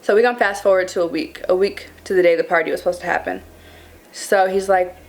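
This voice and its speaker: A young woman in her twenties telling a casual storytime to her viewers, dramatic and animated, calling them y'all. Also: medium pitch, fairly quick. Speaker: vlogger.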